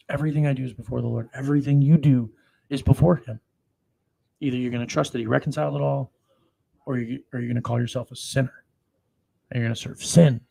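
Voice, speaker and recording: Gravelly-voiced profane male preacher. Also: medium pitch. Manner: profane, swings between slow solemn reading and loud outbursts. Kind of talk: scripture reading with crude live commentary.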